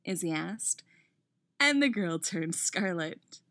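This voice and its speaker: A woman's voice: mid-range voice, measured pace, dry recording. A woman reading a romance story aloud, breaking in with startled asides and swearing as she reads. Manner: expressive, blurts asides and swears mid-read. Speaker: reader. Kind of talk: reading fan fiction aloud with reactions.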